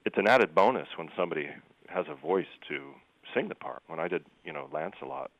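A man's voice: low voice, animated, fairly quick, creaky, phone-quality sound. A man who sings opera, talking in a rambling conversational way with many fillers and restarts. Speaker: opera singer. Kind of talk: casual conversation.

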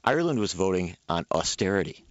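Animated low-voiced male radio guest. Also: dry recording, highs cut off. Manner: animated, emphatic and rapid. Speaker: guest commentator. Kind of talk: public radio interview.

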